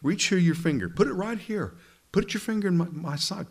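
A man voicing a gentle risen Jesus, coaxing a doubter with tender invitations during a sermon. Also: high voice, expressive, brisk, pitched above the performer's own voice.

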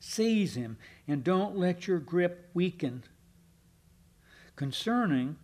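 A man preaching a Sunday night sermon, teaching emphatically with slow, deliberate stresses and occasional fillers. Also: high voice, lively intonation, a little mellow. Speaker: pastor.

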